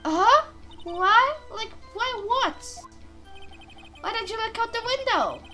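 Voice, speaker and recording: A woman plays a ditzy young witness in a game dub, coy and bubbly. The voice sits very high with a bright ring, and the lines come out slowly and breathily. Faint game music plays behind. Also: animated, exaggerated voice. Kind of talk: amateur game voice acting.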